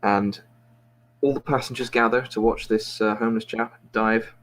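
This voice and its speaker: A man's voice: fairly low pitch, fairly even intonation, moderate pace, fairly bright tone, low-quality recording. Rambling man telling a long joke. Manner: rambling, self-mocking storyteller with frequent restarts. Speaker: podcast host. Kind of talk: casual joke telling among friends.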